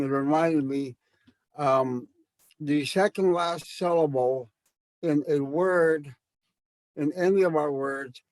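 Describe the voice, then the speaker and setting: A man's voice: fairly high pitch, a little mellow, no room sound. A man teaching a language class to educators, speaking thoughtfully with many fillers and restarts. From Canada.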